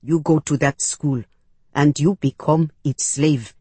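A woman voicing a stern, protective mother who gravely warns her daughter, in a storybook reading. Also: low voice, slow pace, warm tone, no echo, heavily acted. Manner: grave, warning.

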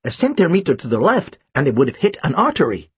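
A man's voice: on the high side, wildly swooping pitch, fairly quick, breathy edge, no echo, exaggerated voice. A man voicing a short, serious woman vet who speaks curt, foreign-accented English in a storybook. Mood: stern. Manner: curt, stern.

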